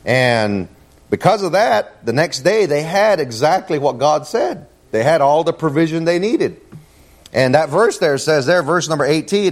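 A man preaching a sermon in a folksy way, saying "man" and "amen" often, who climbs higher and louder when he reads scripture. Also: animated, fairly quick. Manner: rises in pitch and energy reading scripture. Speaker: visiting preacher.

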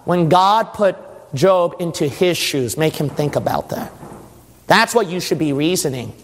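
High-voiced preacher in a reverberant hall. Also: male voice, lively intonation, unhurried, slight background noise. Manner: emphatic, asks the congregation questions. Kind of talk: sermon. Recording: long church reverb.

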